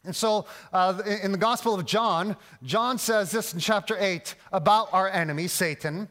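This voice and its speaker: Man, pastor, sermon, high voice, emphatic, earnest, restarts often. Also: moderate pace, hardly any pauses, bright, forceful tone.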